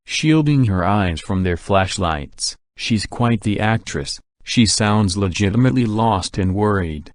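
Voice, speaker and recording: A man narrating an audiobook in a steady, even reading. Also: on the low side, measured pace, few pauses, no echo, studio quality. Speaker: audiobook reader. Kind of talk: scripted narration.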